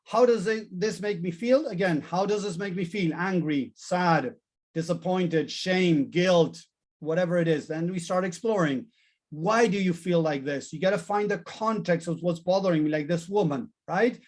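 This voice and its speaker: A man teaching a therapy training class, animated and emphatic, repeating key words in lists. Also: high voice, normal speed. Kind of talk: live training lesson.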